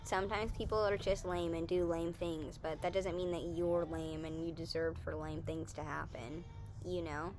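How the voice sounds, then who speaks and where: A woman's voice: on the low side, steady tone, normal speed, darkish tone. Rambling young woman vlogger. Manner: rambling, chatty, self-correcting. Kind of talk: casual Q&A vlog chat.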